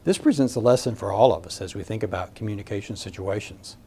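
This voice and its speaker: Mellow low-voiced man lecturing. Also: breathy edge. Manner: measured, explanatory, with frequent "uh" fillers. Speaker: communications instructor. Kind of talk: recorded lecture.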